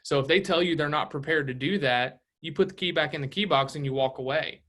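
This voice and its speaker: A man's voice: fairly high pitch, brisk, sharp tone. Man coaching a training room. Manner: coaching, rhetorical questions, frequent "right?". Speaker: real estate trainer. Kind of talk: casual training session.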